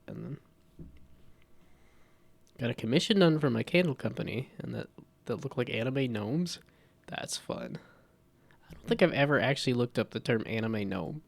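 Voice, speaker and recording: Congested, gravelly man streaming casually. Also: expressive, moderate pace. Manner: rambling, self-deprecating, laughs often, low energy. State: congested from a cold. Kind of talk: casual live-stream chat while working.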